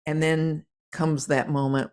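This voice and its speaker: A woman's voice: deep voice, level tone, a little slow, a little mellow, clean tone. A woman hosting an interview, reflectively summarizing her guest's story. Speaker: host. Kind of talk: interviewer follow-up.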